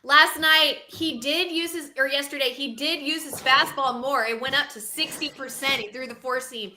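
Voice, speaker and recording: A woman co-hosting a casual baseball podcast, high and bright in tone. She talks in a dramatic, self-mocking, animated way. The room around her sounds echoey. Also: normal speed, slight background noise. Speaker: podcast co-host. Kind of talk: casual sports podcast chat.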